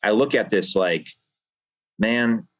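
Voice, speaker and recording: A man's voice: on the low side, slow, fairly bright tone, no room sound. A man, a cigar factory owner, guest on a podcast, talking at length with passion and some rambling over a video call. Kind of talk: earnest reflective monologue. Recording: dull lo-fi video call audio.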